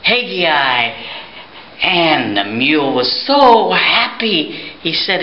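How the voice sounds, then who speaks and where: A Sunday school teacher telling a silly memory story for children in slow, singsong chanting. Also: mid-range voice, sing-song, a little hiss or hum. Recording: roomy, dull home video recording.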